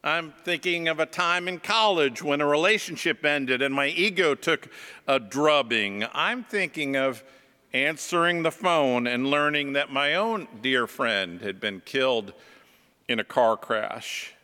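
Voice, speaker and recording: A man, a pastor, preaching a sermon and telling stories in a slow, reflective way. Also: on the high side, animated, sharp tone, clear, resonant tone, long reverb tail. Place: church.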